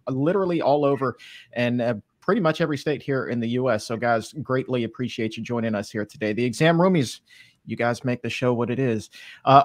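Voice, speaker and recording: A man's voice: mid-range voice, dry recording, clean studio sound. A man hosting a live show, chatty and upbeat, reading viewer comments and questions. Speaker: show host.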